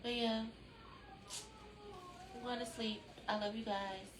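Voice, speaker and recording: A woman's voice: on the high side, level tone, slow pace, reverberant, background noise. A woman hosting a rambling spiritual chat, drowsy, chatty and loosely profane, talking from a room at home. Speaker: spiritual channel host.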